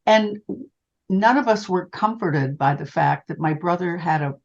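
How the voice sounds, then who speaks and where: Older lady psychic telling a story, lowish voice, kinda muffled lo-fi sound. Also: measured pace. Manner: animated, calls the listener honey. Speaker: psychic medium guest. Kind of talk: storytelling in an interview. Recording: dull lo-fi sound.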